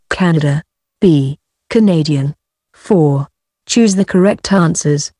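Slow, measured woman reading a textbook. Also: on the low side, warm tone, dry recording, studio quality. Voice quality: measured, carefully enunciated word-by-word delivery. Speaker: coursebook audio reader.

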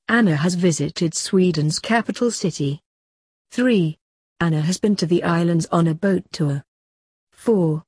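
A woman reads textbook grammar exercises at a very slow, deliberate pace. Her voice is dark and mellow with a husky edge, and the recording is dry and close. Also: on the low side, dry recording. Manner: slow, measured reading with pauses between items. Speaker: textbook audio reader.

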